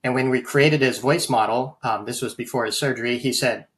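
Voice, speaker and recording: A man's voice: medium pitch, brisk, a bit bright, a little hiss or hum. A man telling stories in an interview, earnest and full of restarts and fillers. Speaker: guest, AI voice banking practitioner. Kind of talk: conversational interview storytelling.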